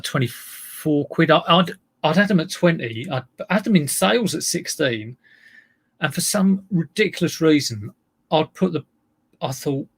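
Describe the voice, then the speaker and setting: Deadpan guy chatting on a live stream, gravelly, kinda fry-ey. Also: fairly high pitch. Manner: deadpan, joking. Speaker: livestream host. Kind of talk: casual live-stream chat.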